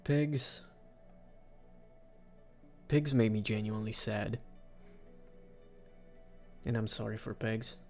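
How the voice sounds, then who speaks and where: A man giving casual, rambling commentary for a video, with sudden excited outbursts. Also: on the low side, slow, pauses often, faint music behind. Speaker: video creator. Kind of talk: casual commentary ranking game characters.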